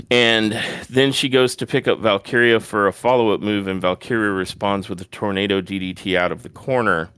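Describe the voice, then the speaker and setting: Low smooth-voiced man recapping a match. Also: no echo, clean studio sound. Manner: detailed play-by-play retelling, animated asides. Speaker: podcast co-host. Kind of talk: casual wrestling recap.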